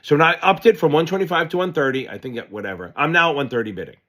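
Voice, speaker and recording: A man tutoring for a finance exam, explaining concepts through an animated, loosely told personal story with the odd swear word. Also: a little high, racing. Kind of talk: casual lesson told through a personal anecdote.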